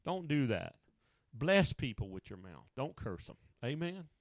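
A man's voice: medium pitch, sing-song, unhurried, no echo. A male pastor preaching a down-home radio sermon, telling stories in casual, colloquial speech. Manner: down-home storytelling, colloquial grammar.

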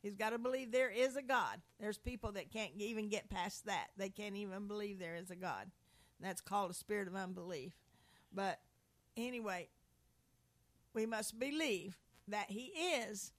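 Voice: mid-range voice, no room sound. An earnest preacher in an informal sermon, quoting scripture and often repeating and restarting words.

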